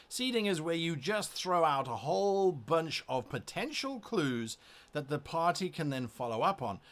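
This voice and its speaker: A man's voice: fairly high pitch, fairly bright tone. A man who runs a tabletop game talks casually to camera before a session, thinking aloud as he explains how he prepares. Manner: thinking aloud, explaining his prep methods. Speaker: game master.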